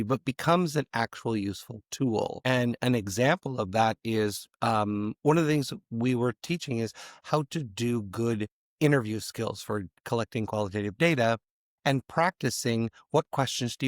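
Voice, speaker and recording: A man guest on a podcast, his voice a little raspy today, speaking in a measured, deliberate way. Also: mid-range voice, dry recording, clean studio sound. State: slightly raspy voice. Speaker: guest, educator. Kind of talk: conversational interview.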